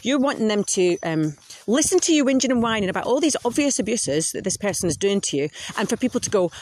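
A woman's voice: mid-range voice, animated, a little fast, hardly any pauses, a little mellow, slight background noise. Blunt woman podcasting solo. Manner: blunt, frank, swears freely. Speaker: podcast host. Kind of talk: casual monologue.

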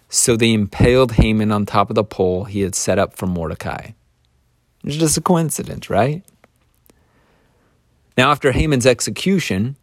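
A man telling a Bible story in a casual, animated way, with chuckling asides. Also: on the low side, no echo, studio quality.

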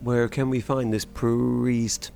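A man's voice: medium pitch, little pitch movement, slow pace, gravelly, a little mellow, faint music behind. Terse, stiff-spoken man in character. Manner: terse, blunt, stiff phrasing. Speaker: player. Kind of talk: in-character role-play.

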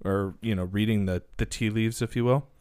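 A man's voice: lowish voice, fairly even intonation, fairly quick, a little mellow, clean tone. A man co-hosting a podcast in casual chat, answering with short, laid-back agreeing replies. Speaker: podcast co-host.

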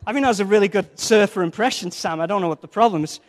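Man, very high voice, sermon, chatty and joking, long hall reverb. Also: rapid-fire. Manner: conversational and jokey, with playful asides to the congregation. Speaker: preacher.

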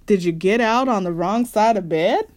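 A woman's voice: medium pitch, moderate pace, a little mellow, lightly acted. A woman voicing a teasing, exasperated young boy bear in a storybook read-aloud.

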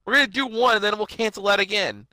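Fast-talking, exasperated male podcast host. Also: high voice, bright, forceful tone, slight background noise. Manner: quick, exasperated, swearing. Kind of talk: casual profane banter.

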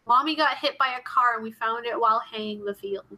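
A woman's voice: a little high, fairly quick, bright, forceful tone, rough recording. A woman co-hosting a talk show in casual chat, drawing out her words with gasps and giggles. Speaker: podcast co-host.

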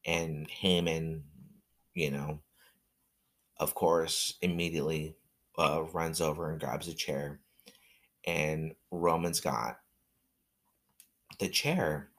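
Slow, deep-voiced man rambling. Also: steady tone, a bit bright. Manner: rambling, halting, with many fillers and restarts. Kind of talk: casual recap of a wrestling match.

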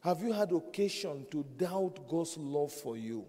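A man in his fifties preaching a sermon, earnest and repetitive, building to loud emphatic peaks. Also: fairly high pitch, animated, unhurried, hardly any pauses, long reverb tail. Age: 50s. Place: large hall.

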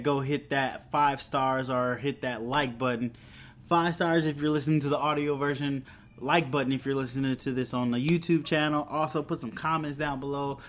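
A man hosting a podcast, casually recapping a TV episode with excitement and quoting the characters' lines as he goes. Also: mid-range voice. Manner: excited, animated retelling with quoted lines. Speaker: podcast host.

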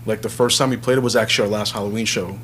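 A man's voice: on the low side, very fast, a little hiss or hum. A man who sings and writes songs for a band, chatting casually in an interview and acting out quotes as he tells stories. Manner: relaxed, rambling storyteller, acts out quotes. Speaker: band singer and songwriter.

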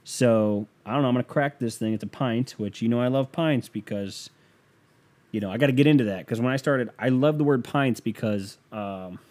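A young man vlogging in a casual comedic rant. He rambles and jokes, often at his own expense. His voice is mellow and relaxed, in a middle register. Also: mid-range voice, moderate pace. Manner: joking, rambling, self-mocking.

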